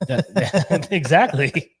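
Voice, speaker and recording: A man's voice: fairly high pitch, expressive, drawn-out words, husky. A man co-hosting a live show in casual chat, joking and rambling. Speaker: co-host.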